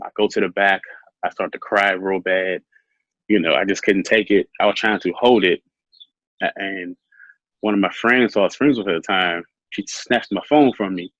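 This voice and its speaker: A man telling his own story as an interview guest, soft-spoken and halting with many fillers. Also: lowish voice, dry recording, lo-fi sound.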